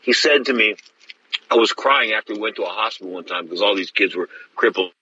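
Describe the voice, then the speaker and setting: A man's voice: fairly low pitch, quick pace, sharp tone, highs cut off, slight background noise. A middle-aged man hosting a boxing radio show, telling a story with emphasis and calling his listeners folks. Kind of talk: animated radio talk.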